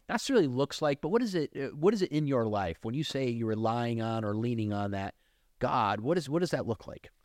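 A man's voice: mid-range voice, expressive, brisk, darkish tone, dry recording, studio quality. A man hosting a podcast, talking casually and asking probing questions. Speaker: podcast host.

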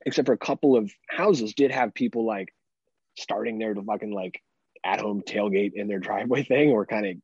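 A laid-back man in his thirties co-hosting a podcast, casually swearing and laughing as he talks. His voice is a bit low and husky, and the recording sounds dry and dull. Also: moderate pace, a little mellow, dry recording. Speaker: podcast co-host. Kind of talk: casual chat.

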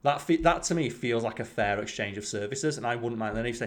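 A man in casual chat, telling work stories in an animated way and acting out his old bosses, with plenty of swearing. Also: mid-range voice, brisk. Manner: animated storytelling, acts out quoted bosses; swears freely.

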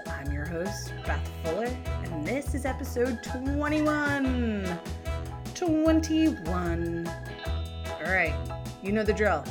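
A woman hosting a podcast, chatting in a bubbly, enthusiastic way that rambles with fillers. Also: medium pitch. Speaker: podcast host.

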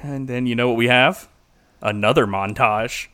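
A man, a minister, co-hosting a casual chat and recapping a movie with lively mimicry and frequent laughter. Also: medium pitch, normal speed, clean tone. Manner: animated, mimics characters, laughs often. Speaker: podcast co-host.

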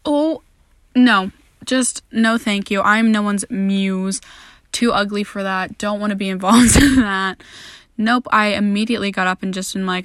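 A woman's voice: mid-range voice, fairly even intonation, measured pace, fairly bright tone, no room sound, studio quality. A young woman hosting a podcast, telling a candid, self-deprecating, sweary story of her first day of college in a casual monologue. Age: young adult. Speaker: podcast host.

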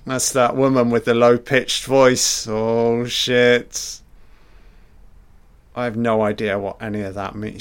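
Guy doing a chill film commentary, drawn-out and sweary, mid-pitched voice. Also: smooth. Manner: relaxed, sweary, muttering asides. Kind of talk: casual film reaction commentary.

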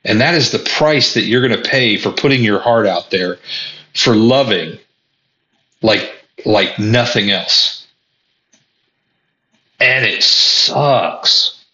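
A man's voice: on the low side, lively intonation, takes it slowly, long pauses, pushed and bright. A man talking earnestly straight to the viewer about lessons he has learned, often stumbling and repeating words as he thinks. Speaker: vlogger. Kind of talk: reflective personal monologue. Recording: echoey room, dull lo-fi sound.

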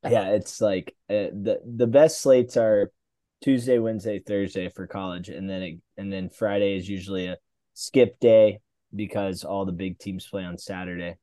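Low mellow laid-back co-host. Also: male voice, fairly even intonation, normal speed, no echo. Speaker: podcast co-host. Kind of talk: casual chat.

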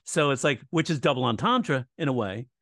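A man explains how jokes are built, in a relaxed teaching tone that keeps checking in with his listener. He slips into quoted lines and audience reactions as he goes, and his mid-pitched voice sounds dry and close, with no room around it. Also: a little fast, no echo. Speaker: comedy coach and writing teacher. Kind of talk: casual explanatory talk in an interview.

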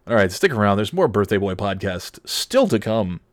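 A man's voice: big pitch swings, measured pace, pauses often, dry recording, studio quality. A man hosting a podcast, telling a rambling, self-deprecating story in casual chat. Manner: rambling, self-deprecating, acts out quotes in high yelling voices. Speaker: podcast host.

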